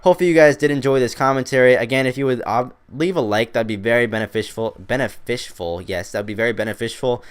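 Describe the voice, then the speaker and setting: Fast-talking teenage boy telling a story. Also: medium pitch, smooth. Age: teens. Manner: rambling, self-mocking, chatty. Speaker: gaming commentator. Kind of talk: casual gameplay commentary storytelling.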